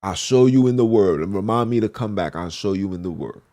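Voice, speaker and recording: A man's voice: on the low side, lively intonation, a little fast, mellow. A man preaching a fervent, repetitive monologue as a podcast host, slipping into archaic scripture phrasing.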